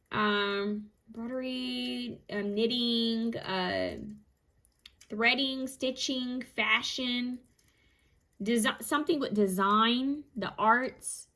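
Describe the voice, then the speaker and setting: A woman giving a casual, encouraging tarot reading to her viewers, energetic and fond of repeating herself. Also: mid-range voice. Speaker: tarot reader. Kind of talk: casual intuitive card reading.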